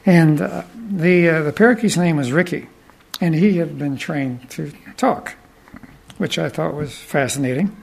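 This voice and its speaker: A man with a slightly high, gravelly voice tells rambling, folksy stories. He pauses often and restarts his sentences, keeping an easy storytelling pace. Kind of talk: anecdotal storytelling talk.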